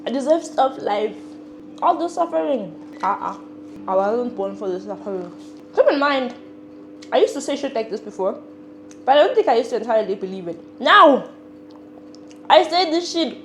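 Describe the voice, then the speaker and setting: A woman's voice: a little high, slight background noise. A young woman vlogger chatting frankly while she cooks and eats, swearing now and then, with sniffles and sudden emphatic bursts. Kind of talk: casual chat while cooking and eating. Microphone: clip-on mic.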